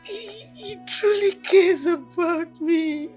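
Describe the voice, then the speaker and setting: An actress playing a heartbroken young daughter who cries and pleads, with a Nigerian English accent. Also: female voice, very high-pitched, slow, darkish tone, faint music behind. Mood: tearful. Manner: tearful, insistent. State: crying. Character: heartbroken young daughter crying for her lover.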